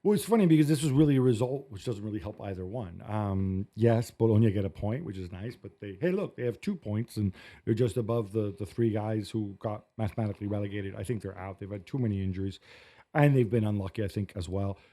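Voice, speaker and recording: A man hosting a football podcast in casual chat, wry and quick, with frequent fillers and restarts. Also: on the low side, warm tone. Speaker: podcast host.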